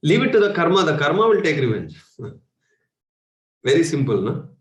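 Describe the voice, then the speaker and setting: A man's voice: fairly high pitch, very animated, moderate pace. A man with an Indian English accent, giving a spiritual workshop talk as a meditation coach, speaking conversationally with rhetorical questions and chuckles. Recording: echoey room.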